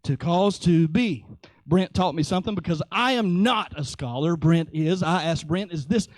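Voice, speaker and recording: A man preaching a sermon in a lively, joking way, acting out little voices as he teaches. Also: fairly high pitch, normal speed, no echo. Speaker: pastor.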